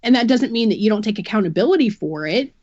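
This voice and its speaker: A woman's voice: medium pitch, expressive, fast talker, a little mellow, dry recording, highs cut off. A woman guest on a podcast, giving a candid personal account and explaining things earnestly through long analogies.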